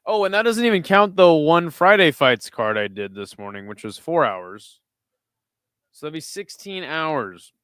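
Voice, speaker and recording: A man's voice: fairly high pitch, sing-song, unhurried, fairly bright tone, clear, resonant tone, no echo, studio quality. A tired young man hosting a live watch-along stream, calling the action casually and swearing freely between plays. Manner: laid-back, swears freely, drifts between play-calling and chat.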